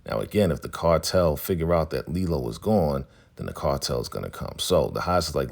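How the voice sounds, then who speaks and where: Deep husky guy recapping a show, chatty and slangy. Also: animated, brisk, few pauses. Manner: chatty, slangy, laughs along. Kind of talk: casual TV recap.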